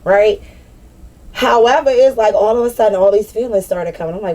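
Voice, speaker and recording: A woman talking candidly in a personal vlog, slangy and animated, swearing and laughing at herself. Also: medium pitch, a little fast. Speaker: spiritual vlogger.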